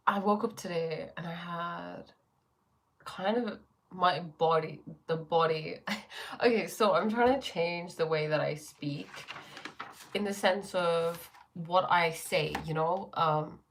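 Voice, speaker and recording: A woman's voice: lowish voice, slow pace, long pauses, slight background noise. A woman hosting a casual spiritual livestream from her bedroom. She speaks reflectively, with a sore throat, greeting viewers and using many fillers.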